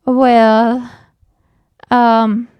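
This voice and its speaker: Young woman reading a creepy story slow, clean voice, dry sound, stops to freak out. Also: on the high side, level tone, darkish tone, clear, resonant tone, dry recording. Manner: reads haltingly, breaks off to react with gasps and laughs. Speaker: horror story reader and reactor. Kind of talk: reading a story aloud with reactions.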